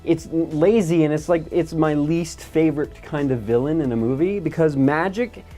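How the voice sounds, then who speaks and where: A man's voice: on the high side, moderate pace, dark tone, soft background music. A man hosting a casual movie review chat, blunt and sarcastic, swearing freely. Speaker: movie review podcast host.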